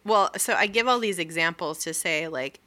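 Woman co-host, low voice with a bright edge, chatty and rambling, full of fillers. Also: moderate pace. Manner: rambling, filler-heavy explaining. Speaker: podcast co-host. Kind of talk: casual podcast chat.

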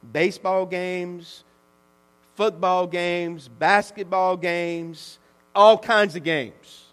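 High-voiced animated preacher. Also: male voice, in a large hall. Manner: animated, conversational, calls out to the congregation. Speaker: pastor. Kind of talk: sermon.

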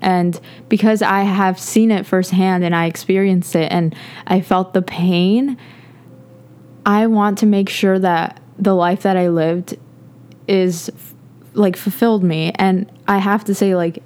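In a reflective podcast monologue, a young woman talks through her own views with earnest rambling, frequent "like"s, fillers, and restarts, growing emotional to the point of near tears. She speaks a little slowly in a medium-pitched, fairly even, slightly mellow, clean voice.

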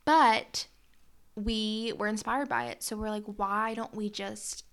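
A woman's voice: medium pitch, slow, a bit bright, clear, resonant tone. A woman co-hosting a casual podcast, chatty and giggly, talking straight to her listeners. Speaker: podcast co-host. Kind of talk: casual chat.

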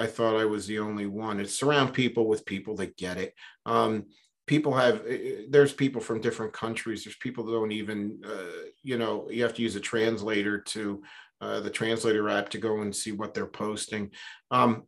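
A man with a fairly low voice speaks as an interview guest. He tells his stories in a relaxed, reflective way and leans on casual fillers as he talks. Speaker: interview guest, business coach. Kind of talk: conversational storytelling.

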